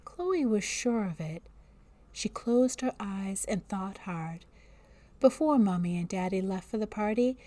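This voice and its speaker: A woman teacher introducing a book and then reading its first chapter aloud in a deliberate storytelling manner. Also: medium pitch, warm tone.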